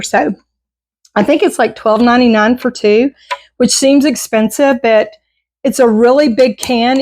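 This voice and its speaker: A middle-aged woman chatting casually about a grocery haul at home, self-deprecating and quick to laugh, with plenty of restarts. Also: a little high, darkish tone, no room sound. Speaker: vlogger showing a grocery haul. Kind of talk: casual chat.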